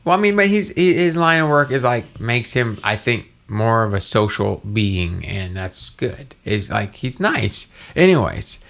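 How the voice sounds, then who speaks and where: A man's voice: medium pitch, very animated, unhurried, vocal fry, hardly any pauses, a bit bright. A man co-hosting a casual podcast, telling a rambling story and acting out the dialogue. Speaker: podcast co-host. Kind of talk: casual chat.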